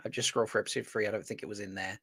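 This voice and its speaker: A man hosting a live after-show stream, relaxed and chatty, reading out viewer comments while working his screen. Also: fairly low pitch, rapid-fire, breathy edge. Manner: relaxed, reads chat comments aloud, talks while doing tasks on screen. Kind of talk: casual live-stream chat.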